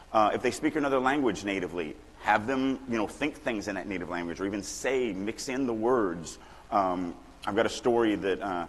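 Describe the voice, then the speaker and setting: Man lecturing in a reverberant hall. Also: sits low. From Louisiana. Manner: casual, animated, acts out quoted lines. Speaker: writing workshop speaker. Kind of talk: conference talk on craft. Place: conference hall. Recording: long hall reverb, faint room noise.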